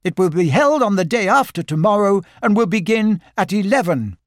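A man's voice: high-pitched, expressive, normal speed, no echo, studio quality, pitched above the performer's own voice. A man doing an earnest, organising young boy. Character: sensible young boy, the group's leader.

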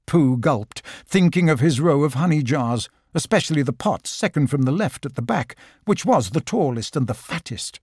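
A man narrating a children's storybook, scripted and expressive. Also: a little high, normal speed, hardly any pauses, breathy edge, dry recording, clean studio sound.

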